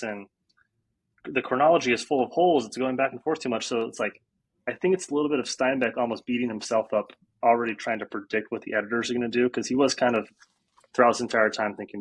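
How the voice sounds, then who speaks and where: A man's voice: mid-range voice, steady tone, brisk, fairly bright tone, breathy edge, low-quality recording. A man co-hosting a book podcast, chatting casually and reading quoted passages aloud with relish. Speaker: podcast co-host. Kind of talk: casual book-club chat.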